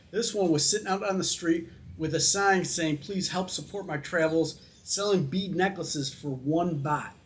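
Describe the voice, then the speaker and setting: A man with a fairly high voice chats casually in a travel vlog set in Thailand, with a little hiss or hum in the recording. He's an opinionated storyteller, telling tales and commenting to his viewers.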